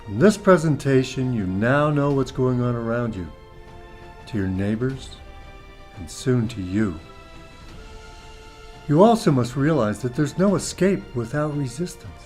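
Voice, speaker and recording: A man's voice: mid-range voice, expressive, unhurried, pauses often, darkish tone, faint music behind. A man giving grave, urgent scripted documentary narration.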